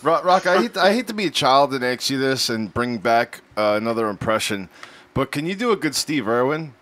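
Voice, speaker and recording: A man's voice: mid-range voice, lively intonation, a little fast, a bit bright. A man co-hosting a casual chat, talking with stumbling, hesitant starts. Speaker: co-host.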